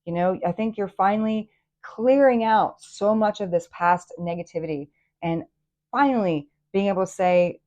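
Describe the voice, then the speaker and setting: A woman hosting a casual tarot reading, excitable and chatty, with plenty of fillers and restarts. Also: mid-range voice, moderate pace, dull audio. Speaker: tarot reader and channel host.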